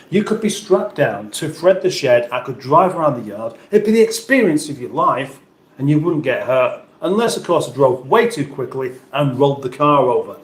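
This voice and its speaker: A man's voice: medium pitch, echoey room. A man hosting a casual livestream chat, reading out viewer comments with playful, rambling asides. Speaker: livestream host.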